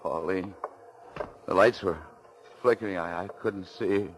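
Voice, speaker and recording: An actor playing a wounded, desperate fugitive in a vintage radio drama, speaking in terse, halting lines. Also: male voice, low voice, low-quality recording. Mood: exhausted. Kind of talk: 1940s radio acting.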